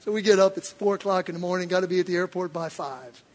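An older male preacher with a very high, husky voice tells his story animatedly, dropping to hushed asides and then rising to loud, excited bursts. His voice rings with the long reverb of a large church hall. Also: fast. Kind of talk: sermon storytelling.

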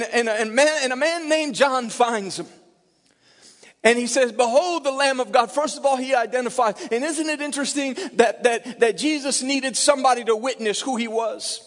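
A middle-aged male pastor delivers a tearful, emotional sermon, his voice sitting notably high. He builds to loud, emphatic peaks and then drops to soft near-whispers. The sound carries the long reverb of a large church hall.

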